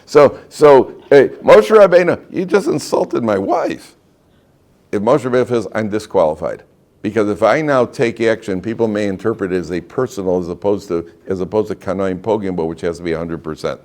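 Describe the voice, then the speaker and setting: A rabbi teaching an informal Torah class to students in a classroom, animated and joking, often putting questions to his listeners. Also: sits low, fairly quick.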